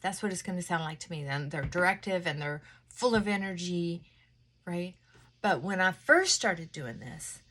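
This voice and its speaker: Getting ready in front of her mirror, a woman chats casually for a morning vlog, pep-talking herself thoughtfully. Her fairly low voice alternates between brisk insistence and a slowed, softened delivery that sometimes falls almost to a whisper.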